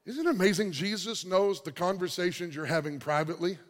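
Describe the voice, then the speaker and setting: A pastor delivering a dynamic sermon, swinging from loud shouting to quiet murmurs. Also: male voice, high voice, fairly quick. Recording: long hall reverb.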